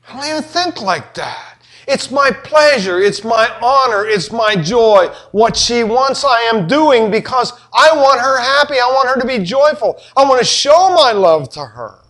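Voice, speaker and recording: A middle-aged preacher with a fairly high voice, telling homey stories and jokes to his congregation. He swings between soft asides and animated, emphatic preaching. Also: unhurried. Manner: folksy, joking, animated storytelling. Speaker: pastor. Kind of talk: sermon.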